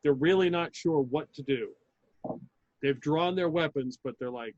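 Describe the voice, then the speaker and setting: A man's voice: on the high side, measured pace, darkish tone, no room sound, muffled recording. Male game master, casual swearing delivery, dry close mic. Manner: casual, swears, lots of fillers. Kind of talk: narrating a tabletop game.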